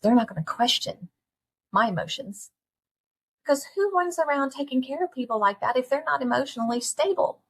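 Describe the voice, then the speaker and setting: Husky earnest woman with a lilt. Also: sits high, normal speed. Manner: earnest, folksy, animated, with laughs and direct questions to the audience. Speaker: podcast host. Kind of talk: candid solo talk to listeners.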